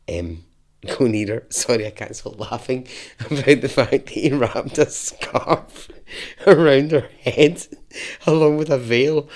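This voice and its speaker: A man hosting a podcast, telling a story casually with frequent laughter and chatty asides. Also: mid-range voice. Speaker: podcast host.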